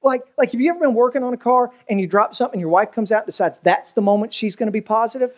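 A man's voice: very high-pitched, rapid-fire. A man preaching a sermon as a pastor, telling funny everyday stories and acting out the people in them. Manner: humorous storytelling, animated quoted voices.

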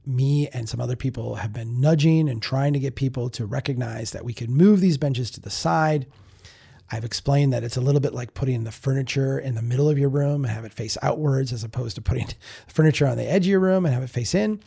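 A man with a gravelly, very husky voice and a dark, mellow tone tells a personal story on a podcast. He talks in a candid, self-reflective way, often restarting sentences and repeating words as he thinks aloud. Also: medium pitch. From Minnesota. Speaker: podcast host. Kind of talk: casual storytelling monologue.

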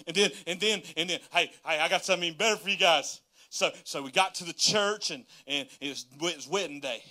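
High, bright-voiced pastor. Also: male voice, fairly quick. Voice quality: folksy, laughing, storytelling, animated. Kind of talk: casual livestream sermon.

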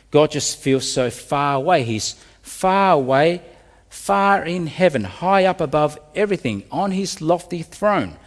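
A man delivers a sermon with a lively, swooping delivery, climbing high on pleading lines and sinking low on quiet ones. His voice sits at a middling pitch. The sound carries the long reverb of a large hall. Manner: expressive preaching, voice rises and drops sharply. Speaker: pastor.

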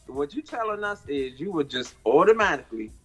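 A man's voice: a little high, big pitch swings, a little fast, a bit bright, slightly rough, faint music behind. A man hosting a casual chat, chiming in and reading out facts. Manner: backchannels, reads out facts.

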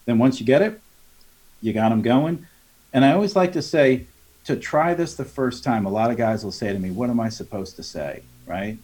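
A man with a medium-pitched voice talks as a sales trainer in a relaxed interview. He coaches as he goes, slipping into the voices of customers and salespeople to act out their lines. He keeps checking in with a quick "right?". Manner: coaching tone, acts out customer dialogues, frequent tag "right?". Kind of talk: conversational podcast interview.

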